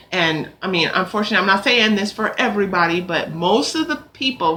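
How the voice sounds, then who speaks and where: Young woman ranting on her vlog, bright sharp voice, fed up, faint hiss behind. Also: fairly low pitch. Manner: animated, exasperated, swears. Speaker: vlogger.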